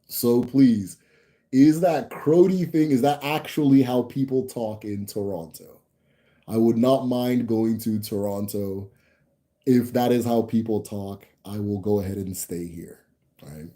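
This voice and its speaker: A man hosting a livestream, answering viewer chat in a rambling, animated way with lots of fillers. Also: mid-range voice, a little slow. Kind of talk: casual live chat.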